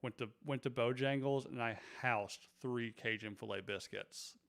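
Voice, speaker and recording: Brief: easygoing male podcast host, smooth clear voice, mid pitch. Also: moderate pace. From North Carolina. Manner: relaxed, chatty. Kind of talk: casual podcast chat.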